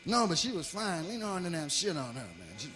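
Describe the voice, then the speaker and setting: A male stand-up comedian telling a story in a profane, animated way, swinging between loud and quiet. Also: fairly high pitch, a little fast, music in the background.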